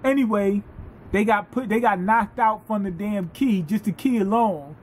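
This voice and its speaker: Male reviewer, high voice, animated and foul-mouthed casual recap. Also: moderate pace, a little hiss or hum. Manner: animated, profane, laughing storyteller. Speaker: anime reviewer.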